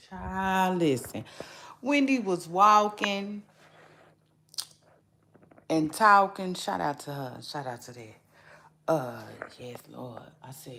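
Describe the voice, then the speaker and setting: This podcast host delivers a casual celebrity gossip monologue in a mid-range voice that's animated, bright and forceful, yet slow and full of pauses. She rants in slangy talk, sighing and laughing, in a room with an echo.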